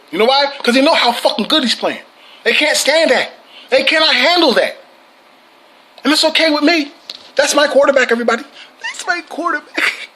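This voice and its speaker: A man's voice: sits high, pushed and bright, a little hiss or hum. A man hosting a fan channel, ranting about his team with heavy profanity, frequent repeats and laughter.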